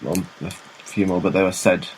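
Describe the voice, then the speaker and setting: A man's voice: deep voice, level tone, fairly quick, slight background noise. A young man co-hosting a casual podcast, laughing often and teasing his friend. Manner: laughs a lot, teasing banter. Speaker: podcast co-host. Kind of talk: casual chat.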